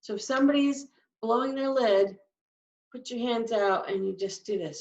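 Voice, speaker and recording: Teaching sign language slowly and patiently, a woman explains each sign step by step. Her voice is fairly high and a little mellow, at a normal speed. The sound is dull and lo-fi, reverberant, and recorded from afar.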